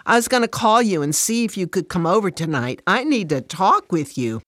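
A woman's voice: fairly low pitch, big pitch swings, normal speed, fairly bright tone, no room sound, voice pushed up. A woman voicing an upset working mother who turns defensive and sarcastic, close to tears. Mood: relieved, eager.

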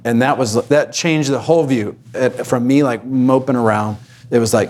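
A pastor candidly telling a personal story of hardship on a panel. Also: male voice, mid-range voice, normal speed, darkish tone, a little hiss or hum.

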